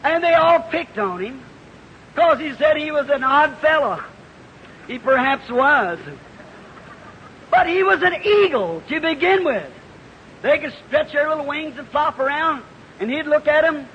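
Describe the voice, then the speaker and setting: A man preaching a revival sermon, telling a folksy story that builds into shouted fervor, heard on an old archival tape. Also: very high voice, lively intonation, unhurried, a little hiss or hum. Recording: dull old archival tape in a reverberant hall.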